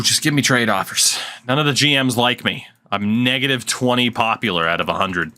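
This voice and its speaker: A man's voice: medium pitch, brisk, few pauses, bright, forceful tone. A man giving casual, sarcastic gameplay commentary at his desk mic. He swears freely and mutters to himself as he plays. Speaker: gaming channel host.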